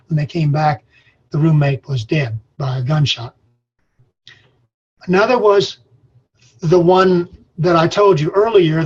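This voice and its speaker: A man's voice: a little high, husky, dull audio. Folksy older man giving a webinar talk. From Colorado. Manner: folksy, storytelling, says y'all. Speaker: extension speaker on farm mental health. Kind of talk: webinar presentation. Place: his office.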